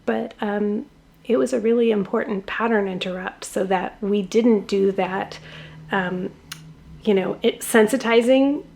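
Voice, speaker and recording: A woman's voice: medium pitch, a little slow, vocal fry, a little mellow, a little hiss or hum. A middle-aged woman hosting a podcast, talking candidly about her marriage in a casual conversation and laughing often. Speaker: podcast host.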